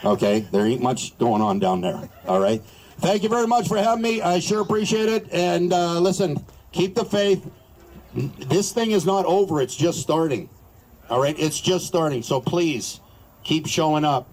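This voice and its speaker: A man's voice: high-pitched, expressive, moderate pace, a little mellow, low-quality recording. A Canadian man giving a crude, joking, rousing speech at an outdoor rally. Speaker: rally speaker.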